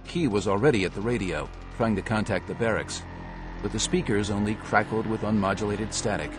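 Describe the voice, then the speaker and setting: A man giving a steady, measured scripted audiobook narration. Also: fairly low pitch, music in the background.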